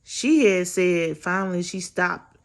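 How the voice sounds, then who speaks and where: Slow, gravelly woman telling a blunt story. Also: lowish voice. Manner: candid, blunt, profane storytelling. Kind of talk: casual storytime vlog.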